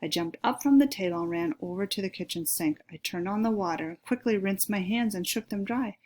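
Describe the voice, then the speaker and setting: A woman's voice: mid-range voice, fairly quick, darkish tone, slight background noise. A woman reading a children's chapter book aloud, friendly and speaking directly to her listeners.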